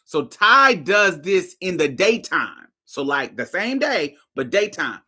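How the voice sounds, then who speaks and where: A woman podcast host telling a story in a casual, animated, profane way. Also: lowish voice, slow, husky. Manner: animated, profane, dramatic retelling.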